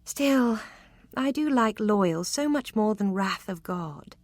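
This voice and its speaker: The reader, a woman, takes on a coquettish Regency young lady and teases slowly, animated and archly playful. Her mid-pitched voice is captured close and dry, with no room sound.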